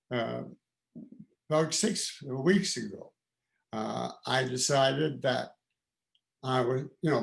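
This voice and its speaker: A man in his eighties with a deeply gravelly, creaky voice gives unscripted remarks to a gathering. He speaks at a middle pitch, pausing often, trailing off and restarting his sentences. His tone is reflective and candid. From Canada. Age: 80s. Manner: halting, with many pauses and restarts. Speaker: guest of honour giving remarks. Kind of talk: informal spoken remarks.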